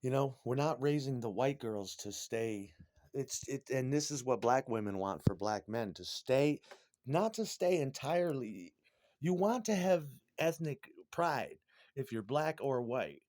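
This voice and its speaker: A man's voice: mid-range voice, big pitch swings, measured pace, a little mellow, dry recording, clean studio sound. A middle-aged man delivering a crude, profane, rambling monologue.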